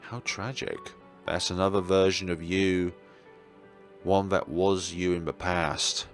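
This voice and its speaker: A young man playing through a horror game, reading its lines and adding wry deadpan asides. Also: low voice, slow pace, soft background music. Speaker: let's play host. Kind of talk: gaming commentary and dialogue reading.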